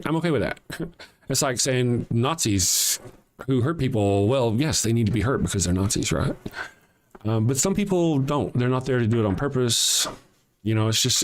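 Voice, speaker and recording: An older man with a Southern US accent hosting a casual livestream, reading viewer comments aloud in a blunt, profane way and chuckling often. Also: mid-range voice. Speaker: livestream host.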